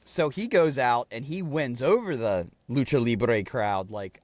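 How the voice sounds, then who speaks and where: A man co-hosting a podcast, telling an animated story in casual chat and swearing freely. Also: mid-range voice, measured pace, hardly any pauses, dry recording. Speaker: podcast co-host.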